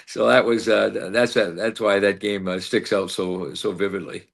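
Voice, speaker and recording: Low gravelly-voiced man telling stories. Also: steady tone, moderate pace. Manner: rambling, many fillers, acts out quotes. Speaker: former player, team broadcaster. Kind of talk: storytelling in an interview.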